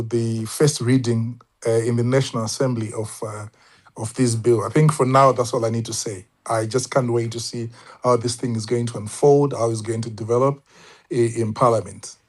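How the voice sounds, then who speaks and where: A man's voice: medium pitch, darkish tone. A man speaking on a casual online panel, thoughtful and hesitant, with many fillers and restarts. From Zimbabwe. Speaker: panel guest.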